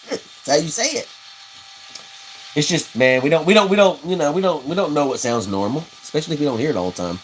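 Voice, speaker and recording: On a livestream where he builds custom fishing rods, a man with a voice on the high side talks in an animated, brisk way but leaves long pauses. His chat is rambling and folksy, he reads viewer comments and laughs at his own stories, and the rough recording has a little hiss or hum.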